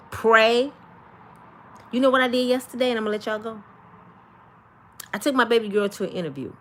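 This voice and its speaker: Lively preachy grandmother streamer. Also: mid-range voice. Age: older. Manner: animated preachy chatter, talks to viewers. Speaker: livestream host. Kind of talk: casual livestream talk.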